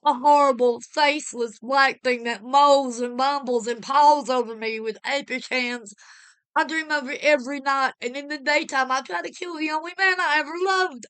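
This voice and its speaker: A woman's voice: sits high, steady tone, a little fast, hardly any pauses, sharp tone, voice pushed up. A woman voicing a frightened, hysterical young wife who pleads and shrieks in distress. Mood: distraught.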